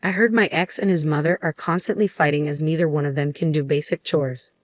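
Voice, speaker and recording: A woman narrating a scripted first-person story in a steady, even reading voice. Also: low voice, a little fast, dry recording, clean studio sound.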